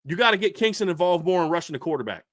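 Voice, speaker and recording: A man's voice: high-pitched, expressive, rapid-fire, a bit bright, no room sound, clean studio sound. A man co-hosting a sports podcast, ranting heatedly about his team's coaching, fired up and repeating himself with restarts. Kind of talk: heated sports commentary rant.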